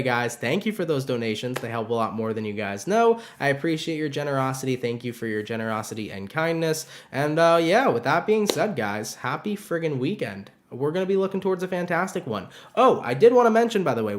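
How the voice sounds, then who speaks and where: A young man gives a casual tarot reading, upbeat and full of slang. His voice sits a little high. The room around him rings with a noticeable echo. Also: sing-song, a little fast, hardly any pauses, a little hiss or hum. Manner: upbeat, slangy, calls listeners baby. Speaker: tarot reader.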